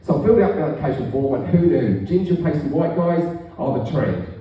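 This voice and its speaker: A middle-aged man doing a stand-up routine, telling stories in a deadpan way with raunchy punchlines, on a comedy club stage. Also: fairly high pitch, brisk, highs cut off. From England. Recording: echoey room, far from the mic.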